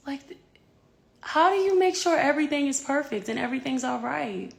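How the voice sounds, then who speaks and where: A woman's voice: sits high, lively intonation, brisk, gravelly. A woman in her thirties chatting casually to camera at home, candid and rambling, swearing freely. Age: 30s. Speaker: singer filming herself at home. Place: home with a yard.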